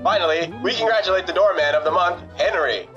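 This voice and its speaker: Brief: old-timey newsreel announcer, formal and instructive, high and bright, put on by a man, dull lo-fi sound. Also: quick pace, soft background music.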